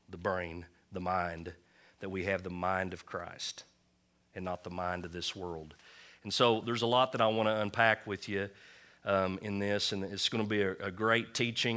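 A man's voice: on the low side, little pitch movement, normal speed, sharp tone. A male pastor giving a conversational sermon, rallying his congregation with call-and-response. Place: church.

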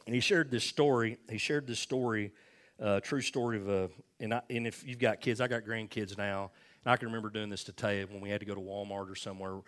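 A man's voice: on the low side, steady tone, a little fast, a bit bright. An older man, a pastor, closing his sermon with a folksy story, acting out the voices in it, then leading a prayer. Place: church sanctuary.

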